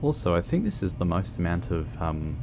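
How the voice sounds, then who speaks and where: A man's voice: deep voice, very animated, a little fast, creaky, noisy background. A man chatting casually on a gaming livestream, rambling and hesitant with lots of ums. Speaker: streamer.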